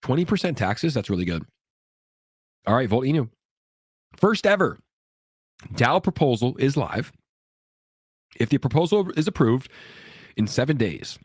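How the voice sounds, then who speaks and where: A man's voice: medium pitch, no room sound, clean studio sound. A man hosting a casual crypto livestream, upbeat and hyped as he reads viewer comments, sick and coughing now and then. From California.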